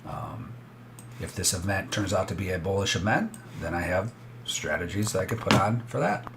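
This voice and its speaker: Low-voiced man, live trading streamer, casual and blunt, faint hiss behind. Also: animated, normal speed, creaky. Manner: casual, blunt, talks to viewers directly. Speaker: trader streaming live trades.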